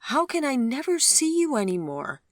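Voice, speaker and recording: A narrator voicing a heartbroken, tearful young woman pleading in an audiobook love story, the voice raised high. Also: moderate pace, no room sound, clean studio sound, lightly acted. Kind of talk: audiobook dialogue.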